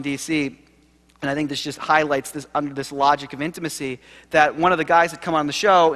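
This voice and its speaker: A seminary professor in his late 30s gives a conference keynote from a lecture hall stage, his slightly high voice ringing with long reverb in the live recording. He tells stories in a lively, conversational way and acts out the people he quotes.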